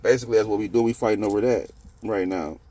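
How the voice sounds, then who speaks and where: A man with a notably low voice talks straight to his channel's viewers in an unscripted opinion monologue. He rambles, circles back on his points, and leans on slang and the same filler phrases again and again. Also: fast talker, warm tone. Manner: rambling, street slang, repeats "you know what I'm saying". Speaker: channel host.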